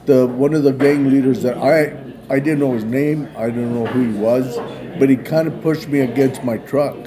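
A man casually retelling a story in a loose, rambling way, peppered with "man" and "like". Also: medium pitch. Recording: busy crowd chatter behind.

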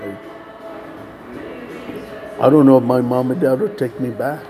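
A man's voice: medium pitch, unhurried, dark tone, faint music behind, low-quality recording. A man telling a personal story in casual testimony style, acting out the dialogue of others and saying "man" often. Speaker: storyteller recounting street ministry.

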